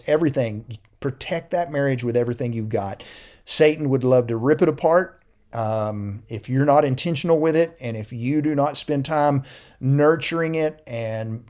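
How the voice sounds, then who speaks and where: A man's voice: mid-range voice, a little mellow. A middle-aged man, co-hosting a faith-based marriage podcast and giving earnest, encouraging advice in a casual way, often repeating words as he goes. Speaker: podcast co-host.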